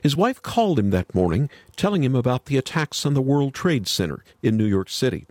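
A man hosting a radio program, narrating a scripted story in a measured way. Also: medium pitch, big pitch swings, darkish tone, no echo.

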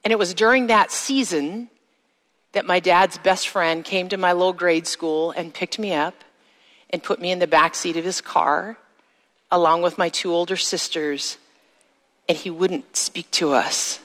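A middle-aged woman sharing a personal testimony with an audience, speaking slowly and emphatically and drawing out her phrases. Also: on the low side, fairly even intonation, a bit bright. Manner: slow, emphatic storytelling with drawn-out phrases. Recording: long reverb of a large hall.

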